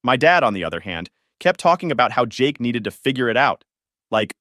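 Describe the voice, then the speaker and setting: Lively, wry male story narrator. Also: mid-range voice, fairly quick, no echo, clean studio sound. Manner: conversational with wry, sarcastic asides. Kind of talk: scripted first-person story narration.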